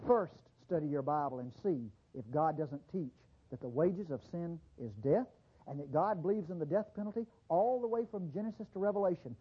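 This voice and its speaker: A man preaches a fervent sermon, his voice climbing high and swinging widely as he presses each point. The tone is husky and a little breathy. The recording sounds dull and lo-fi. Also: expressive, brisk.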